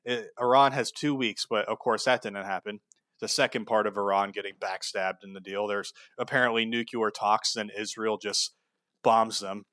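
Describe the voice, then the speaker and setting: A man's voice: lowish voice, steady tone, normal speed, fairly bright tone, no room sound, studio quality. A man giving heated, sarcastic political commentary, blunt and full of profanity. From United States.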